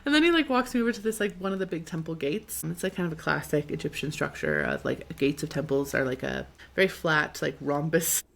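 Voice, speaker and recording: A young woman podcast host telling a travel story casually, animated, with frequent laughs and many "like"s. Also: sits low, a little fast, gravelly. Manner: animated, laughing often, lots of "like".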